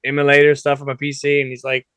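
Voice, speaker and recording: A man's voice: medium pitch, completely flat delivery, fast, a bit bright, clean tone, dry recording. A man co-hosting a wrestling podcast, joking and laughing along in casual chat. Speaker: podcast co-host.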